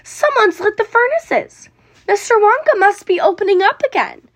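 Woman putting on a buzzing crowd of townsfolk, high, loud, shouting, storybook. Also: normal speed. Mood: excited. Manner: shouting, excited.

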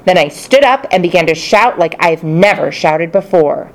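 Woman audiobook narrator, low voice with fry, very animated. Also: normal speed. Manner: expressive, playful character voices. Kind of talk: first-person storybook narration.

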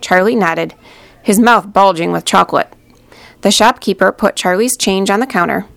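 A woman reading a children's storybook aloud in a gentle, expressive way, with a slightly gravelly voice. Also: mid-range voice, moderate pace, dry recording. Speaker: narrator.

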